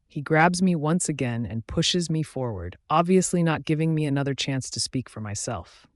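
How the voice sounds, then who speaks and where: A man narrating a first-person fantasy romance audiobook in a steady storytelling voice. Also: fairly high pitch, normal speed, few pauses, no room sound, clean studio sound.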